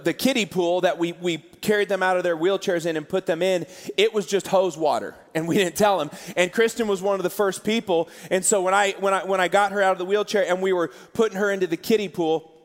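A man preaching a sermon as pastor, telling stories in an animated way and laughing often. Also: high-pitched. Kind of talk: sermon storytelling. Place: church auditorium. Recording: large hall with live audience.

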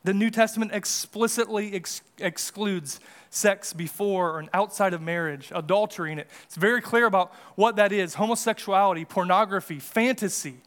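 Pastor, male, higher-pitched voice, earnest sermon delivery that builds for emphasis. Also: normal speed, fairly bright tone. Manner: earnest preaching, rises in pitch and volume for emphasis.

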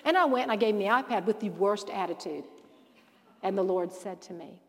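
A woman teaching a Bible lesson to a live audience in a lively preaching style, telling stories and acting out the dialogue. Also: mid-range voice, brisk, big-room sound. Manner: animated storyteller who acts out quoted dialogue.

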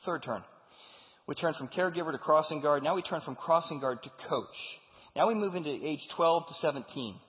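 Man preaching, fairly high voice, lively delivery, echoing hall, tinny phone-like sound. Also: a little fast. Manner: animated preaching, acting out quoted voices. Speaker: pastor. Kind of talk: sermon.

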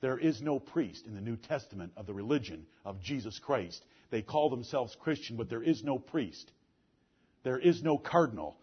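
A man preaching a fiery sermon, his voice husky and a little breathy. He swings from loud, emphatic declarations down to low, intense talk. The recording is muffled and lo-fi. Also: animated, moderate pace.

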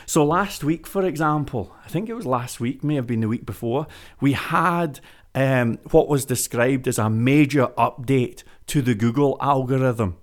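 A man talking straight to his viewers in a casual vlog, pitching an idea like a salesman and repeating phrases for emphasis. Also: moderate pace. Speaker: web business vlogger. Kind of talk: energetic casual monologue to camera.

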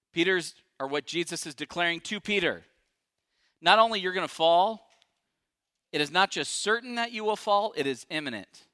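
A male pastor preaching a sermon, emphatic and dramatic, swinging from loud declarations to hushed asides. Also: sits high, moderate pace, no room sound, clean studio sound.

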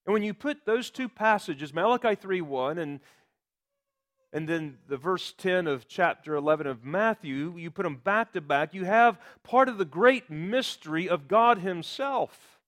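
A man's voice: high voice, lively intonation, a little slow, fairly bright tone. A man preaching a sermon, explaining scripture with emphatic quotations. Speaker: pastor.

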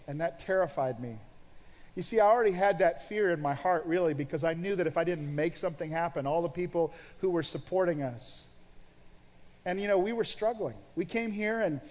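A man's voice: a little high, darkish tone. A middle-aged male pastor preaching a sermon, telling his own story and acting out his past prayers. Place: church auditorium. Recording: dull sound in a large reverberant church hall.

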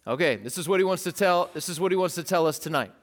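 A pastor giving a casual, joking sermon in a conversational way. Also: male voice, fairly high pitch, animated, quick pace.

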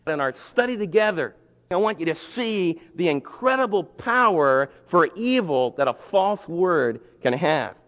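A man preaches a sermon, telling a story with animated, folksy energy. His voice sits a little high for a man, and it rings with the long echo of a large hall. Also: measured pace.

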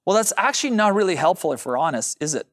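A man's voice: high-pitched, sing-song, fast talker. A man preaching a sermon as pastor, addressing the congregation directly and drawing out key phrases for emphasis.

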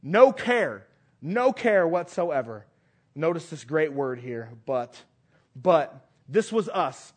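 High-voiced man preaching with emphasis. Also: very animated, slow pace, breathy edge. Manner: emphatic preaching with repeated phrases and big swings between loud and quiet. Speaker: pastor. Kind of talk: sermon.

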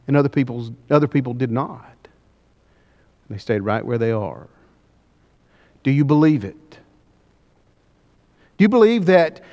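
A man preaching a sermon, pressing the congregation with repeated questions and slowing down for emphasis. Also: fairly high pitch, darkish tone. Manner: emphatic, questioning the congregation, varying pace widely. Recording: long hall reverb.

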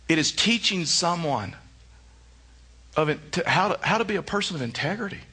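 A man's voice: a little high, lively intonation, normal speed, bright, forceful tone, slightly rough. A middle-aged male pastor preaching a sermon, telling stories with emphatic repeated phrases. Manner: storytelling with emphatic repetition.

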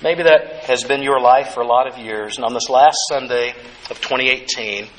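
A male pastor preaching a sermon, earnest and gentle, repeating key phrases softly for emphasis. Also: mid-range voice, steady tone, moderate pace, slight background noise, low-quality recording.

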